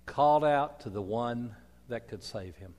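A man preaching a sermon, telling stories dramatically, swinging from loud declarations to soft asides. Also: medium pitch, a little slow. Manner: dramatic storytelling with wide swings in loudness. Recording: long hall reverb.

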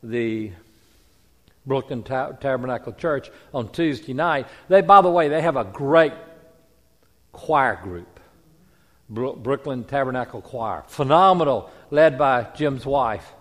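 A man preaching a sermon as a pastor, telling a story with hushed quiet passages and rising emphatic peaks. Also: mid-range voice, expressive, slow. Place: church sanctuary. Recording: long hall reverb.

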